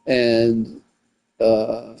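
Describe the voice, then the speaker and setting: A man's voice: mid-range voice, completely flat delivery, drawn-out words, vocal fry, dry recording. A man chatting casually on a gaming livestream, rambling with lots of "like" and "you know what I mean", and getting heated as he tells a story. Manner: gets heated and loud when retelling conflicts.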